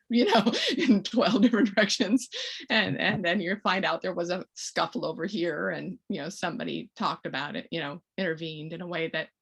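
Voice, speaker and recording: A woman's voice: on the low side, creaky. Woman acting out parenting scenes. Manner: lively, acts out little scenes with voices. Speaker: parenting educator on a webinar panel. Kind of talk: conversational webinar talk.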